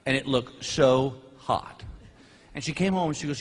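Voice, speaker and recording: A middle-aged man doing a stand-up comedy set, telling stories with loud whooping outbursts. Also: a little high, moderate pace, slightly rough. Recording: live show with audience noise.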